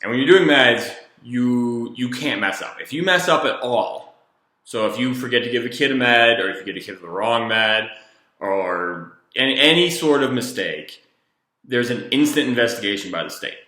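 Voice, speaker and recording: A man, a former treatment counselor, telling a personal story in a casual, rambling, animated way. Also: medium pitch, moderate pace, roomy sound.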